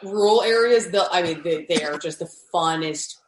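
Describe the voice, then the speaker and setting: A woman guest chatting casually and lively, laughing a lot and swearing now and then. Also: fairly low pitch, moderate pace, reverberant, slight background noise. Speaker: guest, burlesque performer. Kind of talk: casual chat.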